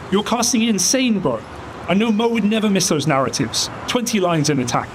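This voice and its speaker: A man's voice: high-pitched, noisy background. A man, an esports caster, talking frankly with casual slang and swearing. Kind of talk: heated team talk.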